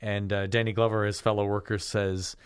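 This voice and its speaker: A man's voice: on the low side, little pitch movement, a little fast, smooth, no room sound. A man casually chatting about a film he picked, rambling with many fillers and restarts. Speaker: podcast co-host. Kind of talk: casual film review chat.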